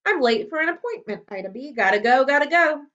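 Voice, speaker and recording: A woman's voice: high-pitched, expressive, brisk, a bit bright, pitched above the performer's own voice. A woman voicing a hasty, playful talking brook that chirpily brushes off questions, on a dull lo-fi recording. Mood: chirpy, evasive.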